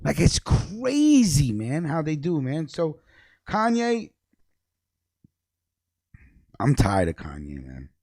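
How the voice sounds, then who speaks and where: A man ranting angrily on a livestream, cursing a lot, repeating himself, and jumping between low mutters and loud outbursts. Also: huge pitch swings, takes it slowly, pauses often, no room sound, clean studio sound. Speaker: livestream host. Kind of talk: profane ranting commentary.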